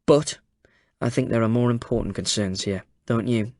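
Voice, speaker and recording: A man playing a deadpan detective chief inspector. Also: mid-range voice, moderate pace, dry recording, studio quality, natural voice. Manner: deadpan, blunt. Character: cool, calculating male detective chief inspector. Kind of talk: audiobook character voice.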